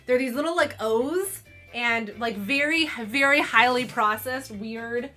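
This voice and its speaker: A woman's voice: on the high side, a little slow, sharp tone. A woman from Missouri with a Valley Girl inflection, chatting casually and rambling while she crochets on a live stream. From Missouri, USA. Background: faint background music.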